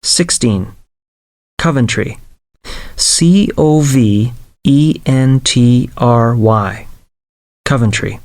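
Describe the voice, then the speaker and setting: Slow, dry-voiced man reading a listening drill. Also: medium pitch, a little mellow, no room sound. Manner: slow, carefully spelled-out dictation. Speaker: lesson narrator. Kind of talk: scripted listening exercise reading.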